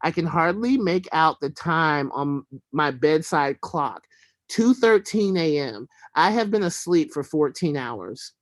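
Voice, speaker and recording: A man's voice: fairly high pitch, animated, slow pace, no echo. Wry man reading his own prose. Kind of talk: literary reading.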